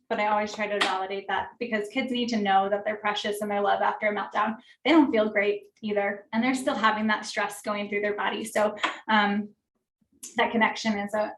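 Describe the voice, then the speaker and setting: A woman's voice: medium pitch, steady tone, moderate pace, noisy background. Chatty woman therapist in an echoey room. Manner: friendly, conversational, many fillers. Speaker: occupational therapist leading a parent workshop. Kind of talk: informal teaching talk. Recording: roomy echo, distant mic.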